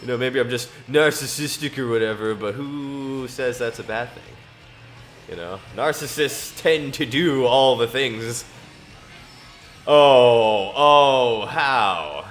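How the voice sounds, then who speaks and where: Slow, self-amused male gamer. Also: mid-range voice, fairly bright tone, soft background music. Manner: self-amused, laughs often, talks to himself. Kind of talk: casual gaming commentary mixed with scripture reading.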